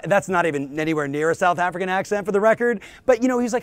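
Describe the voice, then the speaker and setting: A man hosting his own show as a real estate business coach, giving an energetic, emphatic motivational talk straight to the viewer. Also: on the high side, fast talker, few pauses, no echo.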